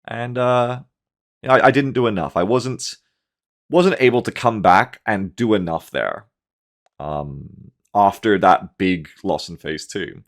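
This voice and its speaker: A gaming commentator in his thirties, with a voice a little on the low side, reviews a match replay in a loose, conversational way. He gets animated, swears freely, and acts out his own panicked reactions in quick bursts.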